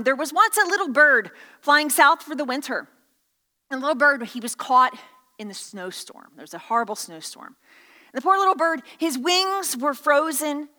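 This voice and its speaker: A woman's voice: sits high, sharp tone, in a large hall. A woman pastor preaching a sermon with playful, jokey asides and many restarts.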